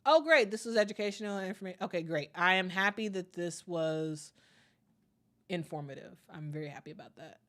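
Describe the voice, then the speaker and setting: Woman doing a casual live stream, lowish voice, lots of um and repeats, friendly with viewers. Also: fairly quick, a bit bright. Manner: chatty, lots of fillers and repeated words; friendly, upbeat when reading viewer messages.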